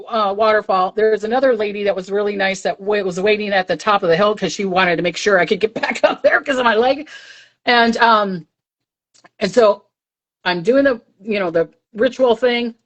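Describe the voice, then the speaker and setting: A woman's voice: medium pitch, lo-fi sound. An older woman, a psychic medium, chatting casually on a livestream and telling a story, acting out the voices she heard.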